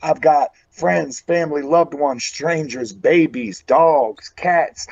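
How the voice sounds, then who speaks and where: A man's voice: on the high side, a little slow, hardly any pauses, a little mellow. A man from West Virginia cutting an intense, folksy in-character wrestling promo. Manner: folksy and intense, calls people brother. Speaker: pro wrestler. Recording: dull lo-fi audio.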